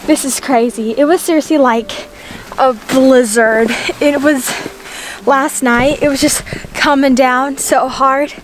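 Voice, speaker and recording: A woman's voice: sits high, steady tone, slow, slight background noise. A woman vlogging outdoors in the snow on a homestead with a handheld camera, bubbly and exclamatory, laughing often. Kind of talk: casual vlog narration.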